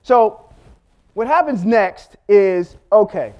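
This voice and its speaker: A man teaching a Bible lesson, telling the story with animated delivery and acting out the characters' lines. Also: high-pitched, normal speed, muffled recording. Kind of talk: sermon teaching.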